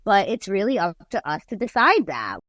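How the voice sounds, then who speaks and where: A woman's voice: medium pitch, big pitch swings, moderate pace, fairly bright tone, no room sound. A woman in her forties, a guest artist and musician, talking candidly and rambling in a casual interview, with lots of "like". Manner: candid, rambling, heavy use of "like".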